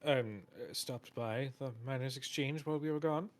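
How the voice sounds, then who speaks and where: Halting male player asking questions. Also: mid-range voice. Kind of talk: tabletop role-play.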